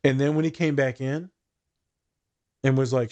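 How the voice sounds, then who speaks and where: A male therapist hosting a casual podcast, in a middle-pitched voice. He tells his stories with energy, swears freely and acts out the lines of the people he quotes. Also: moderate pace. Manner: animated, profane storytelling with quoted voices.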